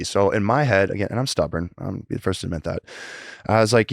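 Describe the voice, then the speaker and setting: This thirtysomething podcast guest rambles through his story in a casual interview, frequently starting over and performing remembered exchanges. He talks a little fast in a low, creaky voice, and the recording is dry and studio-clean.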